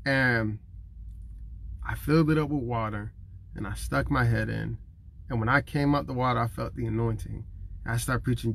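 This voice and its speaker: With a mid-range voice, vocal fry and a moderate pace, a man in his thirties preaches to camera over a little hiss or hum. He's sincere and conversational, voicing other people and fighting back tears.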